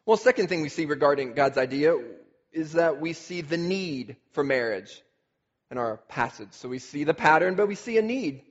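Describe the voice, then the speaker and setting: A man preaching a sermon as pastor, animated and emphatic, full of rhetorical questions. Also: on the high side, moderate pace. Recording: dull recording with long hall reverb.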